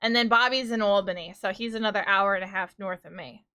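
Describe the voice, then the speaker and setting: A woman's voice: medium pitch, quick pace, bright, forceful tone. A woman in her thirties with a New York accent, chatting casually with her live-stream viewers, rambling and laughing often as she riffs on tangents. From New York, USA.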